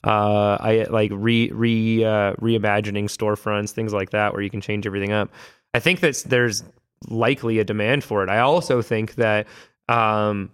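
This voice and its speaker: A man co-hosting a casual podcast chat, thinking out loud and swearing freely. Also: on the low side, steady tone, normal speed, smooth. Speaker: podcast co-host.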